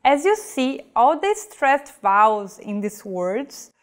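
A woman gives a scripted pronunciation lesson in an unhurried, deliberate way, with a voice that sits a little high. She says each example word on its own, slowly and clearly, as a teacher would. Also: big pitch swings. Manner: careful, measured teaching delivery with modeled example words. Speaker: language teacher.

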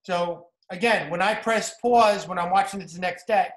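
High-voiced New Jersey football coach. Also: male voice, normal speed. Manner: energetic, repetitive coaching talk. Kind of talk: clinic talk narrating game film. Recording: roomy echo.

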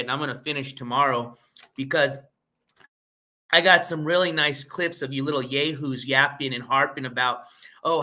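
Hosting a laid-back livestream, this man has a slightly high voice that sounds pushed and bright. His talk rambles with fillers and restarts, he laughs a lot, and he turns mocking and scornful.

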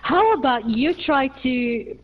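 A woman streams a game and chats in a hesitant, giggly way. She talks slowly in a fairly high voice, often restarting her sentences. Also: lively intonation, phone-quality sound. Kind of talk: casual gameplay chat.

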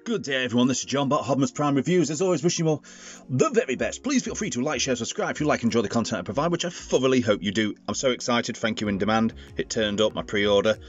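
A man's voice: medium pitch, expressive, quick pace, slightly rough, muffled recording, faint music behind. Chatty man unboxing a toy. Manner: chatty and rambling, jokey asides. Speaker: toy reviewer. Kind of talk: casual unboxing review.

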